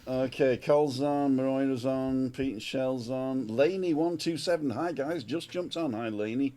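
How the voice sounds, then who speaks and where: A man's voice: medium pitch, unhurried, warm tone. A man hosting a casual livestream chat on an outdoor balcony, greeting viewers and reading out their names, recorded on a smartphone. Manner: chatty, reads out viewer names. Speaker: livestream host.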